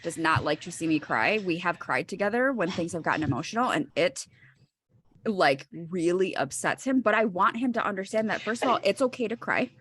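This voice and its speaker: Earnest, lower-voiced mom on a podcast. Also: female voice, animated, fairly quick, a bit bright, husky. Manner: earnest, reassuring, swears casually. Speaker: podcast co-host. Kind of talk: casual chat.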